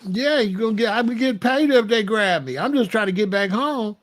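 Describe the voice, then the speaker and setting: A man's voice: high-pitched, expressive, brisk. A man hosting his own commentary channel, joking and bragging in a casual, streetwise rant.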